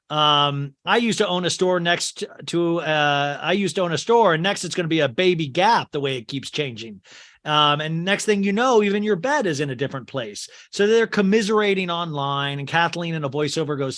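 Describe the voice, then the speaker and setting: A man hosting a podcast, casually recapping a film in a quick, rambling way with lots of fillers. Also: a little high, fairly bright tone. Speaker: podcast host.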